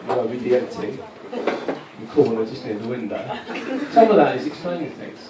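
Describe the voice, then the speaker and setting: A man's voice: medium pitch, big pitch swings, brisk, very noisy. A man in his forties doing a rambling, self-mocking stand-up set with stumbling restarts. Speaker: stand-up comedian. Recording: roomy live venue from a distant mic, loud crowd laughter.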